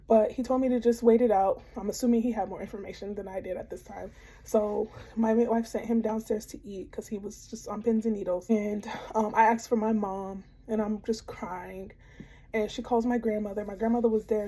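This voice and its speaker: A woman's voice: medium pitch, mellow, slightly rough. A woman in her thirties candidly telling a personal story in a heartfelt monologue, with frequent fillers.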